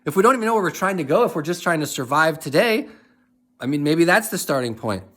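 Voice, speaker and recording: A man speaking in a reflective, rambling monologue, asking many questions and laughing softly now and then. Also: on the high side, animated, quick pace. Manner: rambling, questioning, with frequent restarts and soft laughs. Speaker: motivational speaker.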